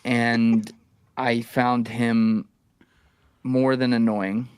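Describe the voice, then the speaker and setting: A man talking casually as a podcast guest, giving blunt, profane and animated opinions. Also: mid-range voice, drawn-out words, smooth, dry recording, studio quality.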